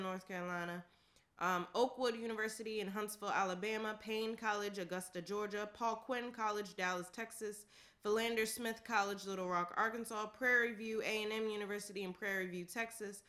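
Bright-voiced woman reading a list casually. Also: mid-range voice, fairly even intonation, a little fast. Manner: reads steadily, laughs often, tosses in casual asides.

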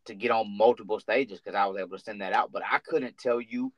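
A man's voice: fairly low pitch, quick pace, no echo. A man hosting a podcast, chatting with his comedian guest in a laid-back, joking way. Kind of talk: casual interview chat. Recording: dry, dull lo-fi sound.

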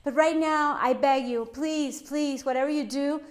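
A woman's voice: sits high, steady tone, unhurried. A woman hosting her own podcast, talking alone in an upbeat, motivational and emphatic way. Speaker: podcast host. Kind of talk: solo podcast monologue.

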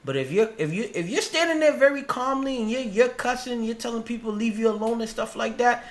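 A man hosting a podcast in casual chat, animated and profane, often restarting his sentences. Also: extremely high pitch, a little fast. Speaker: podcast host.

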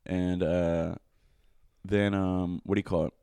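A man's voice: low-pitched, little pitch movement, takes it slowly, creaky, warm tone, clean tone, dry recording. A young man telling a long, rambling, profane story in casual chat, full of fillers.

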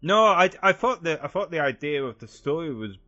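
A man's voice: on the high side, big pitch swings, brisk, bright, forceful tone, soft background music. Jokey, chatty man. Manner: chatty, jokey, swears casually. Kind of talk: casual chat. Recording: dull lo-fi recording.

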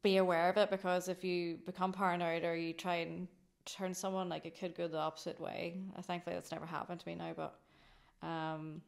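A woman's voice: lowish voice, flat delivery, a little fast, gravelly. A woman from Ireland, a company founder, chatting in an interview, rambling and laughing often. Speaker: guest, drinks company founder. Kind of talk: casual interview chat.

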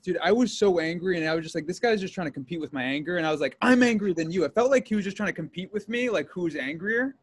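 A man's voice: sits high, expressive, quick pace, few pauses, a little hiss or hum. A man hosting a podcast, telling a story in casual chat and acting out both sides of a call. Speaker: podcast host.

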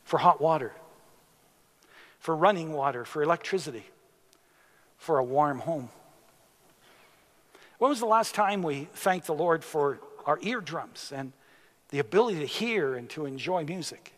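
A man preaching a sermon as a pastor, unhurried, with sudden emphatic rises in his voice. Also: fairly high pitch, lively intonation, in a large hall.

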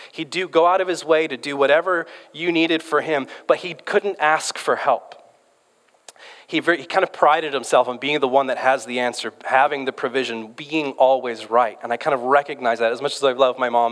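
A man's voice: mid-range voice, fairly bright tone. Thirties male preacher, casual storyteller, echoing in a big hall. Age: 30s. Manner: conversational storytelling with frequent restarts. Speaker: pastor. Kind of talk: sermon. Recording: long hall reverb.

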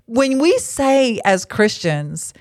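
In a very animated voice that's on the high side with a darkish tone, a woman speaks slowly as she hosts a casual Christian teaching talk. She's a podcast host and lay marriage counselor seated at a table indoors, being frank and bottom-line with chatty asides. The studio sound is clean, with no echo.

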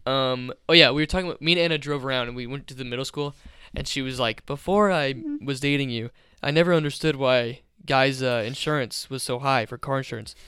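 Young man, smooth dry voice, rambling. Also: mid-range voice, brisk, bright, forceful tone, no room sound. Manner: rambling storyteller, swears freely. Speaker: podcast co-host. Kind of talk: casual chat.

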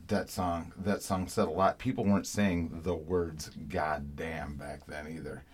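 Deep-voiced man hosting casually. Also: level tone, a little slow, slightly rough. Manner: rambling, emphatic, with frequent fillers and restarts. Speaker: podcast host. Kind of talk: casual chat.

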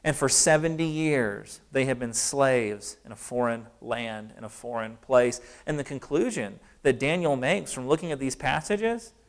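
Male preacher, medium pitch, smooth resonant voice, earnest sermon delivery with slowed emphasis. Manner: earnest, emphatic preaching with slow stressed phrases.

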